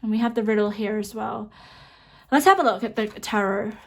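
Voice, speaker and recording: A young woman giving a pick-a-card tarot reading, excitable and emotional, rambling and checking in with the viewer. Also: mid-range voice, brisk. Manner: excitable, emotional, rambling with frequent "okay?" and "honestly". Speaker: tarot reader.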